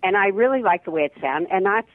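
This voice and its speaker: An older actress chatting as an interview guest over the phone, rambling with restarts and laughing often. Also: female voice, medium pitch, animated, quick pace, no echo. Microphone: telephone. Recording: tinny dry phone line.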